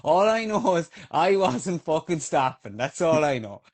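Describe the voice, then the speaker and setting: A man with an Irish accent, a trail runner on a podcast, telling a race story in a lively, casual way with many fillers and swearing. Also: fairly high pitch, measured pace, breathy edge.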